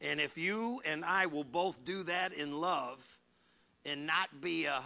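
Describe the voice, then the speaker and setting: Gravelly, bright-voiced pastor preaching. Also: male voice, on the high side, takes it slowly. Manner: animated, joking with the congregation, swings between loud and hushed. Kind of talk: sermon. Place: church hall.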